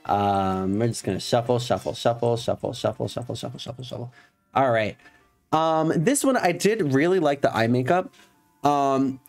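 Man, campy drag streamer, casual chat, playful swearing, soft music behind. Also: medium pitch.

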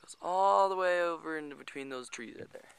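A man's voice: fairly high pitch, a little fast, creaky, clean tone. A man vlogging outdoors in rural hills by a creek, filming with a handheld camera, rambling and swearing casually, a little out of breath. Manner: rambling, swears a lot, chatty asides. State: slightly out of breath. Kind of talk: casual walking vlog.

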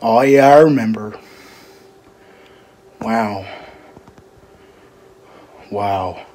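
Slow, husky-voiced man. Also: fairly low pitch, darkish tone. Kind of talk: amateur fan drama dialogue.

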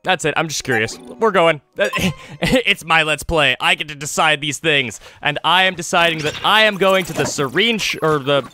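A man's voice: fairly high pitch, moderate pace, hardly any pauses, pushed and bright, faint music behind. A man hosting a Let's Play, rambling through casual, self-mocking commentary.

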